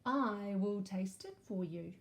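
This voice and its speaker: A woman voicing a greedy knight in a read-aloud storybook, shouting loudly in a very high voice. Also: expressive, takes it slowly, creaky, roomy sound. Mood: bossy. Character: greedy knight, loud and bossy.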